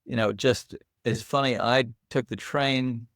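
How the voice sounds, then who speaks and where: An older man, a podcast guest, telling lively anecdotes in a casual interview. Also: medium pitch, a little slow, no echo, studio quality.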